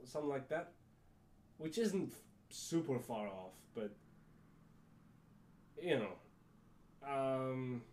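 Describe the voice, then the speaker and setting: A man's voice: medium pitch, darkish tone. A man hosting a solo podcast, rambling casually with frequent restarts and little laughs. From Germany. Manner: rambling, self-correcting, laughs to himself. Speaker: podcast host.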